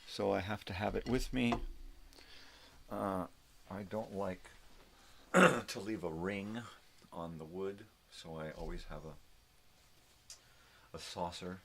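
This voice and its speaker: A man's voice: deep voice, gravelly, background noise. An older man hosting a casual morning video from his home, coaxing his dogs and ranting with a lot of profanity. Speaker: vlog host.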